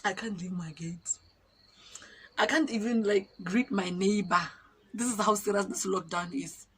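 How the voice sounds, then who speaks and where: A woman's voice: medium pitch, measured pace, slightly rough. Laughing young woman telling a story. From Botswana. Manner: animated, laughing, chatty storytelling. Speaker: YouTuber. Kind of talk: storytime vlog.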